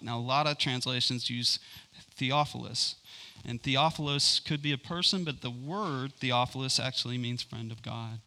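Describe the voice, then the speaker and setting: A man's voice: medium pitch, moderate pace, sharp tone. A man giving informal, enthusiastic Bible teaching, rambling with many fillers and restarts.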